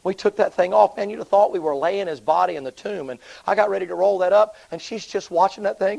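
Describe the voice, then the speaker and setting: A man preaching, telling a story in a sermon. He swings from hushed, low passages to loud, high, excited ones. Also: fast talker, creaky, hardly any pauses, poor audio.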